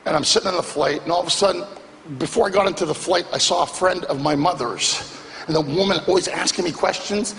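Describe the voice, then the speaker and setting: Guy doing stand-up, high gravelly voice, acts out the characters, big reverby club. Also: fast talker, slight background noise. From Greek background. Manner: animated storytelling, acts out characters. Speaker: stand-up comedian. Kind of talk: stand-up comedy set. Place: comedy club stage, live audience. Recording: live venue with long reverb.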